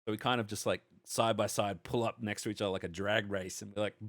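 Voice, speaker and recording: A lowish-voiced Australian man on a casual podcast, spinning a long, animated anecdote full of restarts and swearing. His voice sits dry and close, with no room sound around it. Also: fast, dry recording. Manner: rambling anecdote, heavy swearing, animated retelling. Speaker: podcast co-host. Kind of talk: casual chat, storytelling.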